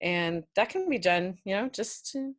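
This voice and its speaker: A woman's voice: medium pitch, lively intonation, unhurried. A woman guest who educates on kink, answering thoughtfully in a casual interview with hedging fillers.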